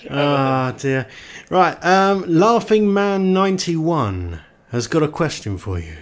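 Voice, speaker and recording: A man's voice: on the high side, sing-song, slow pace. A man hosting a casual chat, reading out listener questions in an easygoing way. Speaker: radio host.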